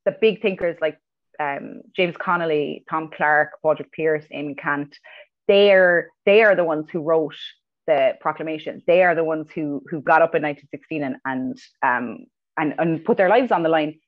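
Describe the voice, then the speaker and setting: A woman's voice: sits low, moderate pace, narrow, tinny audio. An Irish woman co-hosting a history podcast, talking earnestly and repeating words as she starts a thought. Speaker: podcast co-host. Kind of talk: casual history podcast chat.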